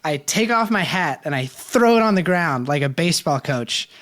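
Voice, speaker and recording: Podcast cohost guy, kinda high voice, owning up to his own screwups, relaxed chat. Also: normal speed. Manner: candid, self-deprecating. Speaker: podcast co-host. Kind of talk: casual chat.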